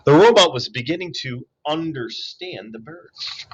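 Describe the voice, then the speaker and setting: A man reading a children's novel aloud in an expressive way, with asides to young listeners. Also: on the high side, unhurried, highs cut off. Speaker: reader.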